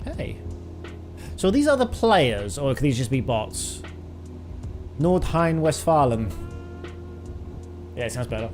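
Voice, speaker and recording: A man's voice: mid-range voice, wildly swooping pitch, moderate pace, darkish tone, soft background music. A young British man chatting casually with his live chat while flying a simulator, rambling and laughing often. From Britain. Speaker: flight sim streamer.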